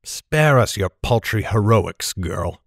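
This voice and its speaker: A growling, contemptuous wizard, as the reader puts him on, low and quiet in an audiobook. The dry, close recording keeps every grumble near the ear. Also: male voice, lively intonation, normal speed, no echo. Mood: scornful. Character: gruff scornful male wizard.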